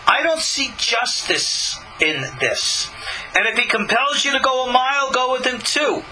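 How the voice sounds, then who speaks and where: A bright, emphatic man teaching Torah. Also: very high voice, expressive, a little hiss or hum, poor audio. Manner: emphatic, rhetorical questions, dramatic pauses. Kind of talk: live-streamed Torah lesson.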